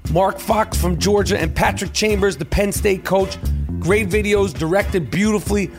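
A man hosting a podcast, rambling and swearing in casual chat and reading an ad. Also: sits high. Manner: profane, rambling, loud. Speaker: podcast host.

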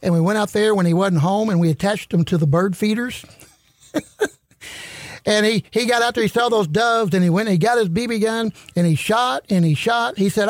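A man's voice: high-pitched, moderate pace, dry recording. A man on a radio show telling a folksy story with chuckles between lines. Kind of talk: casual storytelling.

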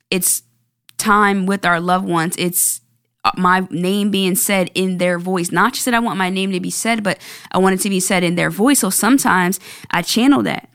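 Young woman podcast host, low smooth voice, earnest and reflective, halting with restarts. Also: fairly bright tone, no echo, studio quality. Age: 20s. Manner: earnest, halting, with many restarts and repeated words. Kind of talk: reflective solo podcast talk.

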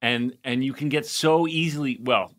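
Bright-voiced man telling a laughing story. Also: mid-range voice, moderate pace. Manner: animated storyteller who laughs while telling. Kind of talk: casual podcast chat.

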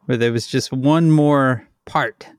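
A man co-hosting a podcast, measured and agreeable, often answering with a quick yes or right. He speaks slowly at a middling pitch. The recording is dry, with no room echo. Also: smooth. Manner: measured, agreeable, lots of short affirmations. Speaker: podcast co-host. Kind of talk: casual chat.

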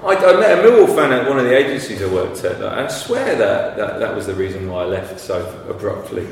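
Brief lowish-voiced male guest, loose and anecdotal with easy swearing, recorded far off the mic in a roomy echo. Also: big pitch swings, fast talker, hardly any pauses. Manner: chatty anecdotal storyteller, swears casually. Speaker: podcast guest, graphic designer. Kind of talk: casual conversation. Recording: echoey room, distant mic, faint noise.

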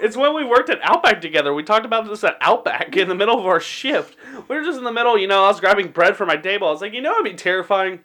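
A man's voice: sits high, sing-song, fast, bright, forceful tone. A young man in his twenties co-hosting a casual podcast, swearing freely and laughing through his own crude jokes. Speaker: podcast co-host.

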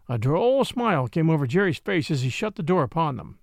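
A man reads a classic story aloud with expressive, scripted narration. His voice sits high and moves through a wide, animated range. The sound is dry and close to the mic. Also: fairly quick, vocal fry, hardly any pauses, dry recording. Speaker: audiobook narrator.

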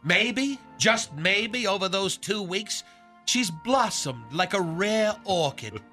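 Male radio host, snarky mock-drama roast, high, slow delivery over music. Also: expressive, sharp tone. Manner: theatrical and snarky, chuckling through lines. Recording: music bed behind.

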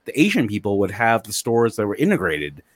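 A man in casual chat, telling things in a halting, loose way. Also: fairly low pitch, huge pitch swings, dry recording.

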